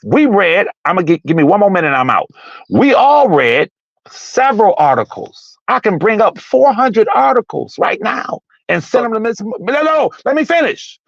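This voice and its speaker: A man's voice: high voice, big pitch swings, moderate pace, creaky, no echo, muffled recording. A man calling into a live talk stream, arguing his point with heat, repeating himself and raising his voice. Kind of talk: heated casual debate.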